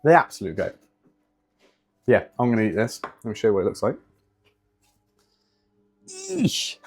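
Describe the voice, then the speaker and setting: A man's voice: lowish voice, lively intonation, fast talker, slightly rough. A young man in casual vlog chat, rambling with many fillers and swearing, a fitness vlogger.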